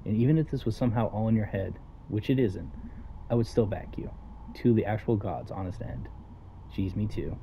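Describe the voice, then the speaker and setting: A man's voice: on the low side, a little fast, gravelly, muffled recording, a little hiss or hum. A man playing through a story game, casually reading out every character's lines himself. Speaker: let's play gamer. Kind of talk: reading game dialogue aloud.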